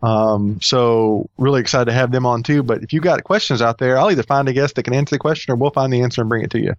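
A man's voice: medium pitch, fast, dry recording. Man, podcast host, rambling and jokey, dry slightly dull sound. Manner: rambling, jokey, many fillers. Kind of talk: casual podcast chat.

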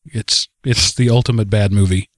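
A man hosting a casual podcast, laughing often and talking in an animated way as he reads out listener mail. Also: lowish voice, normal speed, no echo, clean studio sound. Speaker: podcast host.

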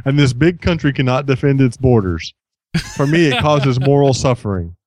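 A man's voice: medium pitch, normal speed, darkish tone, dry recording, close to an everyday voice. A man voicing a stern Russian male activist leader, in a hammy put-on accent that drifts toward German. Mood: indignant.

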